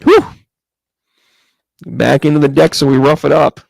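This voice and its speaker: A man's voice: a little high, steady tone, measured pace, creaky, no echo. A man giving live-stream tarot readings as a psychic medium, chatting casually and greeting viewers by name as he thinks aloud over each card.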